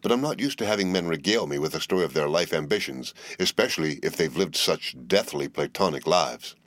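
A man's voice: deep voice, animated, brisk, a bit bright, no echo. A man voicing Ardita, a cool, teasing young woman. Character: young woman, bored, witty, flippant heiress.

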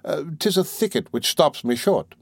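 A man's voice: a little high, lively intonation, moderate pace, vocal fry, breathy edge, dry recording, studio quality, voice pushed up, exaggerated voice. A man playing Phoebus, a swaggering captain. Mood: boastful. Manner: swaggering, grand declarations.

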